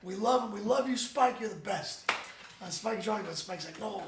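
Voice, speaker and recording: High gravelly man telling rambling stories. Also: a little fast, noisy background. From United States. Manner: rambling, animated storyteller with many restarts. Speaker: band member, guest. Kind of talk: casual interview chat. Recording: roomy echo, distant mic.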